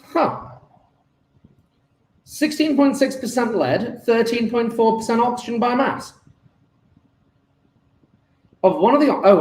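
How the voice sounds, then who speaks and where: A man's voice: high-pitched, a little mellow, echoey room. A man working through an exam paper as a chemistry tutor, thinking aloud and talking to himself as he calculates.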